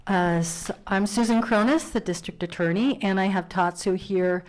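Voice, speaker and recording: A woman district attorney giving halting remarks of praise at a county board meeting, with many pauses and fillers. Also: medium pitch.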